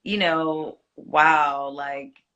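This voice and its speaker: Bright-voiced woman singer, reflective. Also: deep voice, steady tone, very slow, highs cut off. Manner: reflective, loose with many fillers. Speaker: singer guest. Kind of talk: casual interview chat.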